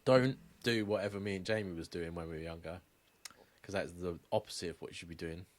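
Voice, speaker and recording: A man's voice: low-pitched, fairly even intonation, quick pace. A young man co-hosting a podcast, telling stories in casual, sweary chat and laughing often. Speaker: podcast co-host.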